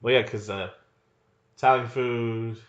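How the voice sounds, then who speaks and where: A man's voice: mid-range voice, fairly even intonation, unhurried. A man co-hosting a podcast, riffing on a movie in casual chat, joking and swearing often. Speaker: podcast co-host. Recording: echoey room, dull lo-fi sound.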